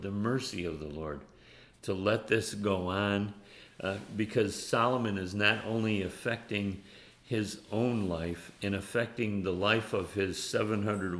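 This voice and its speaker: Deep-voiced male preacher in an echoey room. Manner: earnest, halting, with repeated restarts; reads scripture in old-fashioned phrasing. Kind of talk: sermon.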